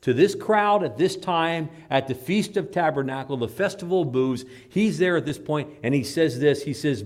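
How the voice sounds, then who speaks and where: A male pastor preaches a sermon in a mid-range voice. His delivery is animated, rising to loud, emphatic lines and dropping to low, quiet asides. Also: moderate pace.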